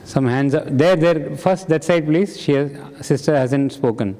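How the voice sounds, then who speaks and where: Warm in tone, fairly high-pitched and measured, a satsang discussion leader addresses an audience in a hall with long reverb. He tests them with questions and hands their answers back to them.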